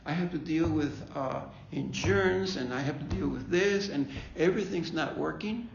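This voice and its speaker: Guy with a gravelly voice, bit higher pitched, talking grief to a church group, echoey dull recording. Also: normal speed, slight background noise. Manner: conversational, repeats himself, asks "okay?". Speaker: grief ministry leader. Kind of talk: faith-based bereavement talk. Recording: echoey room, dull lo-fi sound.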